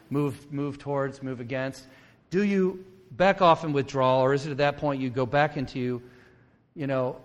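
A man preaching a sermon as a pastor, animated and conversational, acting out quotes in voices. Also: mid-range voice. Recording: long hall reverb.

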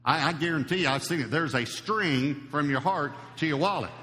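A man's voice: fairly high pitch, moderate pace, bright, forceful tone. Guy preaching in a big echoey church, talks to the crowd like a chat, punches key words. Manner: emphatic, conversational preaching with rising stresses. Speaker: pastor. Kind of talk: sermon. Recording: long hall reverb.

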